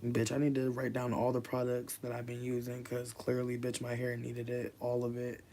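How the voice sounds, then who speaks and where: A livestreamer chatting casually from a room at home, rambling and swearing, swinging between quiet mutters and loud bursts. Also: medium pitch, completely flat delivery, normal speed, a little hiss or hum.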